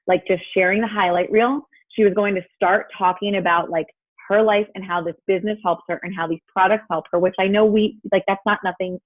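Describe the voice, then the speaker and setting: A woman's voice: medium pitch, no echo. A woman telling a story on a group video call through an earbud, chatty and full of fillers and quoted dialogue. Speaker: team member sharing a story. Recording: tinny phone-like call audio.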